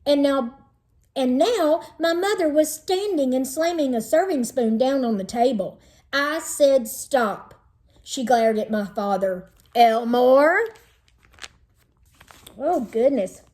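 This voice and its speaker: A woman teacher with a slightly high voice reads a children's chapter book aloud. She tells it gently and without rushing, lingering over each item in a list. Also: lively intonation.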